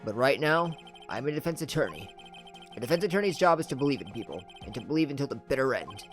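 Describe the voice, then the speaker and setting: A let's-play host reading the lines of a composed young male lawyer in a game, in a slightly lower voice. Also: big pitch swings, soft background music, close to an everyday voice. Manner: measured, formal.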